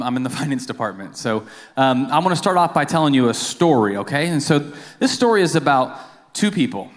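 A man's voice: medium pitch, fairly bright tone. A man, a church accountant, giving a casual, self-deprecating lay sermon full of fillers and asides. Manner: informal and self-deprecating, with many fillers and restarts. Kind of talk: lay sermon with jokes and stories. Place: church sanctuary. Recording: long reverb of a church hall.

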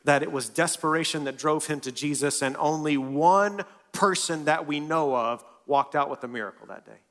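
A man preaching a sermon in a church, swinging from loud and lively to hushed and soft. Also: fairly high pitch, moderate pace. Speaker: pastor.

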